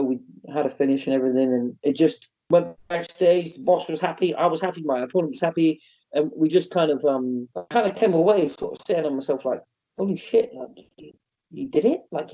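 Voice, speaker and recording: A man in his thirties tells his stories casually, acting out quoted lines with a jump in pitch. His voice is dark and mellow. The podcast audio sounds dull and lo-fi. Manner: animated storyteller, acts out quotes in a raised voice. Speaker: wrestling promoter and guest. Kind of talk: casual interview storytelling.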